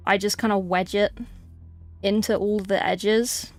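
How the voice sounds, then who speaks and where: A woman's voice: medium pitch, level tone, measured pace, faint music behind. A woman streaming a casual painting tutorial, chatting loosely about her brushes as she works at her desk. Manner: rambling, self-chatting while setting up.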